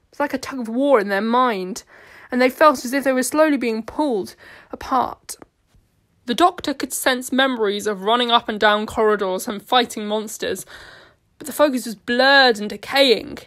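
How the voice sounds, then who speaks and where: A woman reads a story aloud with steady, earnest narration. Her voice is a touch higher than most. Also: moderate pace. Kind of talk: storytelling reading.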